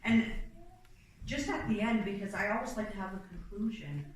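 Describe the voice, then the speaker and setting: A woman's voice: medium pitch, moderate pace. A woman giving an informal sermon at a church, telling stories in a conversational way and acting out quotes. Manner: conversational, storytelling with plain acted-out quotes and fillers. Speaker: church speaker. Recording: very echoey room, mic far off, faint noise.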